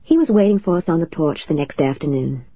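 A woman reads a novel aloud in the first person, with a low, husky, slightly breathy voice. Her delivery is measured and emotional. The recording is dry and somewhat dull. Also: animated, no room sound. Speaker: audiobook narrator. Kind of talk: first-person audiobook narration.

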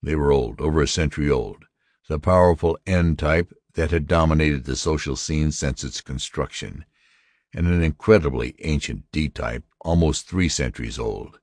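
Very deep-voiced male narrator. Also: normal speed, a little mellow, dry recording, clean studio sound. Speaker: audiobook narrator. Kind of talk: scripted narration.

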